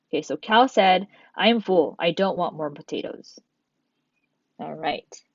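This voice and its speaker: A woman's voice: medium pitch, unhurried, a little mellow, no room sound. A woman teacher giving a recorded grammar lesson, patiently explaining step by step and reading examples aloud. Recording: dull, dry lo-fi sound.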